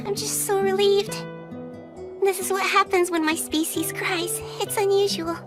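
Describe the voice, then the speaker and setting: A woman voicing a polite, high-voiced young witch. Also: fairly even intonation, a little slow, over music. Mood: earnest. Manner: polite, earnest, anxious. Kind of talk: anime dub acting.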